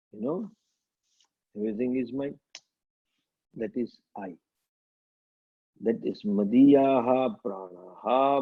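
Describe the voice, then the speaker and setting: A man, a swami, giving a slow and deliberate scripture lecture with frequent chuckles, heard over tinny phone-like sound. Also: medium pitch, gravelly, slightly rough.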